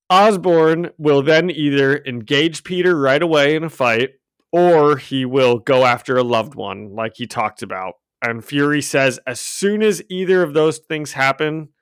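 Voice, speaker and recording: A man's voice: medium pitch, fairly bright tone, clean tone, dry recording. A man co-hosting a podcast, recapping a comic in casual chat, laughing often and rambling with fillers, on a home microphone. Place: home room.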